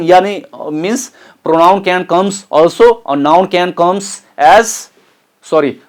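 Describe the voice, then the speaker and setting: A man with a fairly high voice gives an exam-prep grammar lesson. He explains each point step by step, repeating phrases and asking "okay?" to check in. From Nepal. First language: Nepali. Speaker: English teacher.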